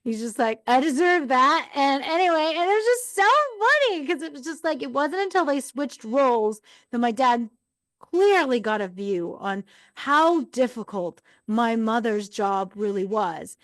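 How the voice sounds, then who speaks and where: A middle-aged woman hosting a talk show, telling personal stories in a chatty, animated way. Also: on the high side, unhurried, no echo. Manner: chatty, animated retellings with laughs. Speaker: podcast host. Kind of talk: casual personal storytelling.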